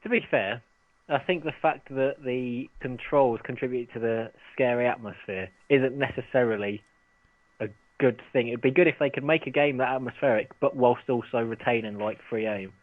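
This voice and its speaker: A man's voice: medium pitch, normal speed, no room sound. A man hosting a casual podcast chat, enthusiastic, moving the talk along and reading out listener posts. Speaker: podcast host. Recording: dry tinny phone-like line.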